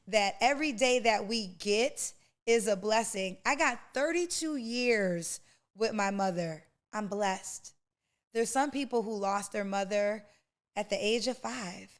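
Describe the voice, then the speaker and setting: A woman in her forties, a podcast host, giving an emotional, preacher-like personal testimony and calling the listener honey and baby. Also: fairly high pitch. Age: 40s.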